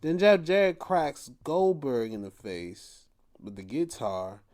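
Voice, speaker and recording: A man's voice: mid-range voice, big pitch swings, slow pace, a little mellow. A young man hosting a podcast, giving a profane, exasperated rant in casual commentary. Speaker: podcast host.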